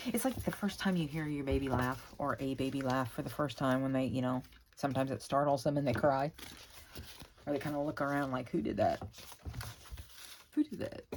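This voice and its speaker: A woman with a notably low voice chats her way through a crafting video, rambling, gushing and exclaiming while she works. Her talk is loose and homey, recorded with a faint hum of background noise. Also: rough recording. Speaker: crafting channel host. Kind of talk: chatty crafting vlog.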